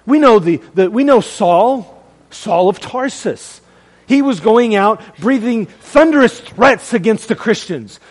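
High-voiced dramatic male preacher. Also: animated, unhurried, in a large hall. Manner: dramatic, swings from loud to hushed; calls to the congregation. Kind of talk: sermon.

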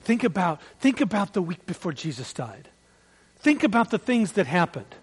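A man preaching a sermon as pastor, swinging between loud, emphatic peaks and hushed, quiet drops. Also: high-pitched, big pitch swings, moderate pace, slightly rough, low-quality recording. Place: church.

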